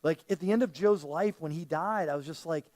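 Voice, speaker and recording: A man's voice: fairly high pitch, a little fast, a little mellow. A man preaching a sermon as pastor, talking casually and often acting out the voices he quotes.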